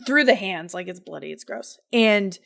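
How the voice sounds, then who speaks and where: A woman's voice: mid-range voice, animated, normal speed, gravelly, fairly bright tone. A woman co-hosting a podcast, loosely recapping a story in casual chat, giggling often and leaning on fillers. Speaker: podcast co-host.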